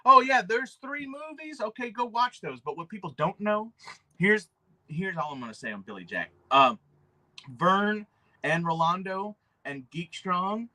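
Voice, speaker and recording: A man hosting a casual livestream, talking in an excitable, rambling way and swearing freely. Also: high-pitched, measured pace. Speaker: livestream host showing custom figures.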